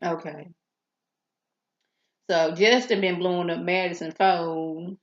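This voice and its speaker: A woman's voice: on the low side, steady tone, slow, reverberant, dull audio. A woman reviewing a TV drama episode in a casual recap, chatty and sassy, acting out the characters' lines.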